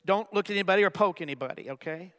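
Male preacher, sermon, high voice, long church reverb, dramatic loud-soft swings. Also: rapid-fire, smooth. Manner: dynamic, swings from loud emphatic bursts to hushed near-whispers; acts out gasps for effect.

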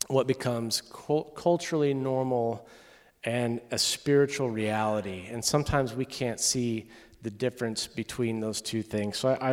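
Young man, from Texas, guest preacher, lively storytelling sermon, average pitch, long church reverb. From Texas, USA.

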